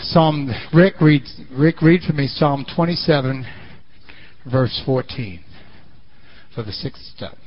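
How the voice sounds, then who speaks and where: A man preaching a sermon in an animated way, swinging between loud and quiet, on a muffled lo-fi recording. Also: mid-range voice, takes it slowly, long pauses.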